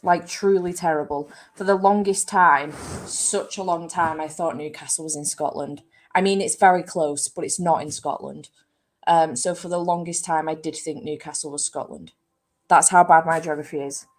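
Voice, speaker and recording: A woman's voice: low voice, fairly even intonation, normal speed. A young woman, chatting casually with live viewers, swearing freely and poking fun at herself. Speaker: book channel host.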